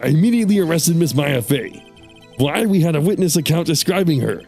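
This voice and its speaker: Man putting on a higher, eager detective voice, eager to please, ends lines with sir. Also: lively intonation, fairly quick, creaky, darkish tone, faint music behind. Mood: earnest. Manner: keeps tacking on "sir". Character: eager dim male police detective.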